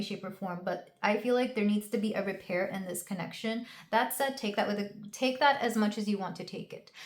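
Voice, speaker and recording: A young woman gives a casual tarot reading, rambling and emotional, her sentences full of restarts and fillers. Her voice sits at a middle pitch, and the roomy recording carries a noticeable echo. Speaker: tarot reader.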